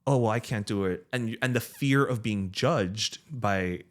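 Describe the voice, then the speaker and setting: A man's voice: on the low side, a little slow. A man co-hosting a casual podcast chat, thinking aloud in long, reflective explanations. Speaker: podcast co-host.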